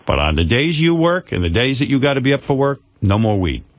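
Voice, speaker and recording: A man's voice: mid-range voice, very animated, fairly quick, no room sound. An older man hosting a radio call-in show, giving blunt, lecturing advice into a studio mic.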